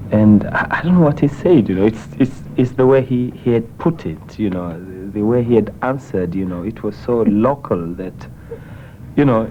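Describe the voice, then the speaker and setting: Kenyan guy, lowish voice, talks in fits and starts, muffled old radio tape with faint hiss. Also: mellow. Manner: hesitant, many restarts and fillers. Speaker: interviewee. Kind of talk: casual storytelling. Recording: muffled 1970s radio recording.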